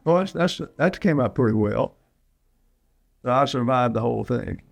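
A man's voice: mid-range voice, lively intonation, normal speed, gravelly, dry recording. A man in his eighties from Alabama, preaching a sermon in a folksy, rambling way. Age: 80s. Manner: folksy, digressive storytelling. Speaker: pastor.

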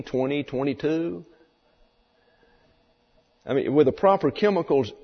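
A man's voice: mid-range voice, husky. Folksy male Bible teacher, muffled hall. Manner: folksy, explanatory, rhetorical questions. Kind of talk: sermon lecture. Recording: muffled recording in a reverberant hall.

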